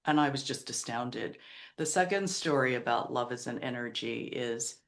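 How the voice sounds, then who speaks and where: A woman's voice: a bass voice, moderate pace, vocal fry. A middle-aged woman, a podcast guest and author, telling heartfelt personal stories in an earnest, emotional way. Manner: earnest, emotional, retells quotes in other voices. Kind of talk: heartfelt storytelling interview.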